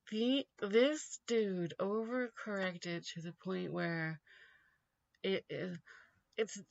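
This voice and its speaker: Slow, gravelly woman mocking with laughter. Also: lowish voice, a bit bright, dry recording, dull audio. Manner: mocking, rambling, laughs often. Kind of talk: comedic solo commentary.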